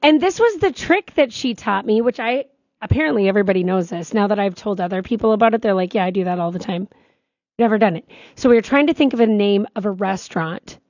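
A woman, co-hosting a talk show and telling stories in animated, casual chat. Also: mid-range voice, fast, no echo, highs cut off. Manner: chatty, animated storytelling. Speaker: radio show co-host.

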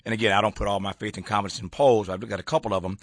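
A man's voice: on the low side, fairly even intonation, very fast, dry recording, clean studio sound. A man hosting a political talk show, reading from a column and chuckling as he riffs on it. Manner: reads aloud then riffs, folksy and chuckling. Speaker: host.

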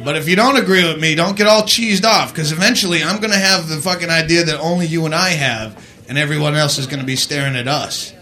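A man doing a stand-up set, ranting loudly with lots of swearing. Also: on the high side, fast. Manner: ranting, profane, loud. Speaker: stand-up comedian.

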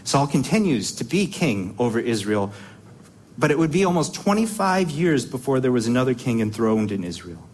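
Male preacher, mid-pitched voice, emphatic sermon delivery, rhetorical questions, repeats himself on restarts. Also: big pitch swings, moderate pace, a little mellow.

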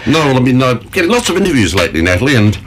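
A man's voice: medium pitch, sing-song, racing, slight background noise. A man presenting morning radio from a studio, chatty and rambling, often breaking into laughter. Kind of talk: casual morning radio chat.

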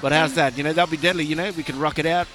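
Male radio host, slightly high voice, joking live from a fair with loud music behind. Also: fairly even intonation, very fast. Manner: jokey, laughing, chatty. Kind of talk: live outdoor broadcast banter. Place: outdoor school fair.

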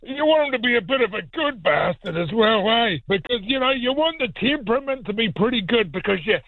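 A man's voice: very high-pitched, expressive, fairly quick, no room sound, exaggerated voice. A man voicing a crude old backcountry farmer with a New Zealand accent, calling into a comedy radio show, blokey and drawling, tagging everything with mate and eh. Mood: enthusiastic. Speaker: rural expert caller. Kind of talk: comedic character bit. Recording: tinny phone line.

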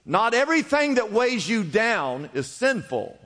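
A man with a high voice preaches a sermon to his congregation. He calls out for responses and swings between forceful emphasis and hushed drops. His voice rings with the long reverb of a large church hall. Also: very animated, a little slow. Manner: preaching with call-and-response, rising and dropping emphasis. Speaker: pastor.

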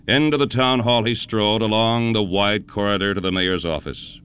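Smooth, low-voiced male radio storyteller. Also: a bit bright. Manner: measured, dramatic storytelling. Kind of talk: scripted radio narration.

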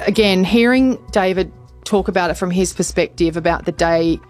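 A woman, chatting casually as a host and telling a story with lively quoted lines. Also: lowish voice, moderate pace, soft background music. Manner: animated storytelling, acts out quotes. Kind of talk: casual chat.

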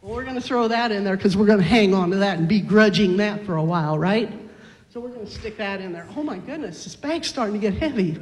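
A pastor reading scripture, then gently coaxing children with many tag questions during a children's sermon in a church. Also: medium pitch, animated, moderate pace. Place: church sanctuary. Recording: long church reverb.

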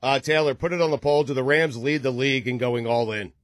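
A man's voice: medium pitch, fairly even intonation, fairly quick, no room sound, clean studio sound. A man hosting a casual sports talk show, leading the discussion and laughing often. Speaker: sports radio host.

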